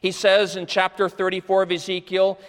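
A male pastor delivers a sermon with an easy, conversational manner, drifting into stories and asides. His voice sits a little high for a man. The sound rings with the long reverb of a large church hall. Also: moderate pace. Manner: conversational, animated storytelling with asides. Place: church sanctuary.

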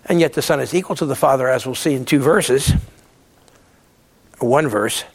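A man's voice: mid-range voice, moderate pace, slightly rough, in a large hall. A man giving a Bible lecture, emphatic and repeating words to stress his points. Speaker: theology lecturer.

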